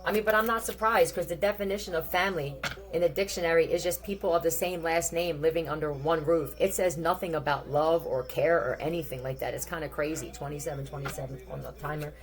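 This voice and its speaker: A woman with a fairly low voice talks through a tarot reading in a loose, conversational way. She is blunt and swears freely as she thinks aloud. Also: fast. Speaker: tarot reader. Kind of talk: casual tarot reading commentary.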